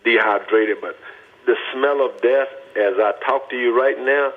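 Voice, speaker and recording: An older man from Texas speaks earnestly and deliberately, leaning hard on his words as he tells his testimony. His voice is husky and of middling pitch. The sound comes through a thin, tinny phone line. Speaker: guest. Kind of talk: personal testimony storytelling.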